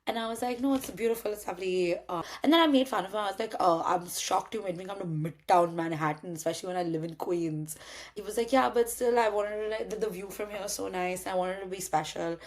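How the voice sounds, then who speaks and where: A woman's voice: medium pitch, quick pace. A young woman from India tells a story in a loose, conversational way. She keeps switching into the voices of the people in it and swears casually as she goes. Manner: animated, acts out both sides of dialogue, swears casually. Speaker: podcast host telling a story.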